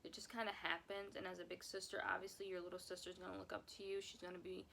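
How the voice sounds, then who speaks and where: A woman's voice: lowish voice, level tone, fast, creaky, sharp tone, slight background noise. A young woman telling a personal story time on her vlog, emotional and rambling, often repeating herself. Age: young adult. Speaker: vlogger.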